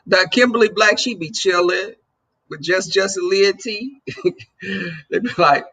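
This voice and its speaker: A man hosting a livestream and chatting casually with his viewers, loose and joking. His voice is slightly high, bright and husky, with a gravelly edge. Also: lively intonation, normal speed. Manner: loose and joking, talks straight to the chat. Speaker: livestream host. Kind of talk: casual chat with live viewers.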